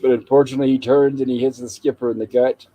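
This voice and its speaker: A man with a mellow, darkish voice hosts a casual talk show, walking listeners through an old sitcom episode in a chatty storyteller's way. The sound is dry and close, with no room around him. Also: medium pitch, little pitch movement, quick pace, no echo, poor audio. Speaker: show host.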